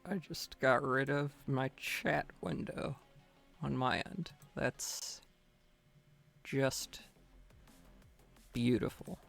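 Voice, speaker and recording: A man's voice: medium pitch, extremely slow, vocal fry, long pauses, a bit bright, faint music behind. A young man live-streaming a game, chatting casually in a nervous, rambling, self-mocking way.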